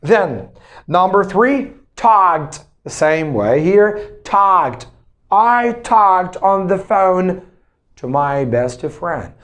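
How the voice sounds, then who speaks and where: A man's voice: high voice, big pitch swings, fairly bright tone. A male English teacher giving a pronunciation lesson, drilling each word over and over. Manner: slow, drills words with many repetitions.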